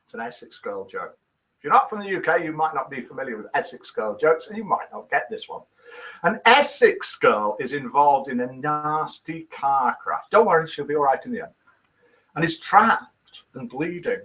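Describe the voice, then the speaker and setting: A man's voice: on the high side, sing-song, normal speed, a bit bright, low-quality recording. A British man in his fifties hosting a live show, chatting and reading out viewers' comments and jokes in a self-mocking way. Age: 50s. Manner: chatty and self-mocking, puts on voices for quotes. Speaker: host of a live daily show.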